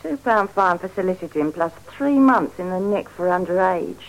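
An actress playing a brisk, world-weary prostitute, talking in a brassy, businesslike way. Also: female voice, lowish voice, lively intonation, natural voice, poor audio. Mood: chatty. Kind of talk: radio drama acting.

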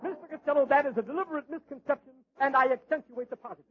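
An actor playing a pompous, long-winded professor who lectures in big words, in 1940s radio comedy style on a dull old broadcast recording. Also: male voice, very high-pitched, rapid-fire. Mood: haughty.

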